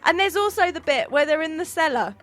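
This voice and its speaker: A woman's voice: high-pitched, lively intonation, quick pace, fairly bright tone, faint music behind. A woman co-hosting a casual chat, gushing enthusiastically about films. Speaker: co-host.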